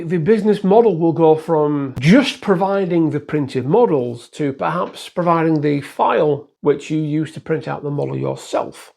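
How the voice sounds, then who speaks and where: A chatty man talks casually to camera about his hobby. His voice sits a little high, and he rambles and pokes fun at himself as he goes. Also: creaky, darkish tone. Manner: chatty and self-deprecating, rambling with restarts. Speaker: model railway YouTuber.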